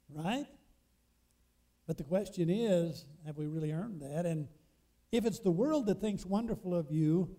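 A man's voice: high-pitched, animated, moderate pace, mellow. A man preaching a sermon, emphatic and fond of asking his congregation questions.

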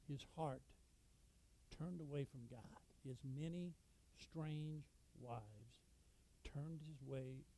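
A man preaching a sermon, reading scripture and explaining it with sudden loud emphasis. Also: a little high, no room sound, rough recording. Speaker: pastor.

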